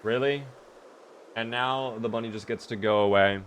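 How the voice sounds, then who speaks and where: A man's voice: medium pitch, normal speed, slight background noise. Chatty man streaming a game. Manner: chatty, talks to chat, bursts of excitement. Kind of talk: live game commentary.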